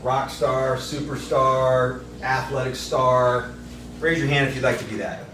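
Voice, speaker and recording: A man's voice: mid-range voice, fairly even intonation, a little slow, background noise. Male trainer at a workshop, plain straight talk, heard from across a reverberant room. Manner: blunt, conversational, coaching. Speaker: real estate trainer. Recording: echoey room from far off.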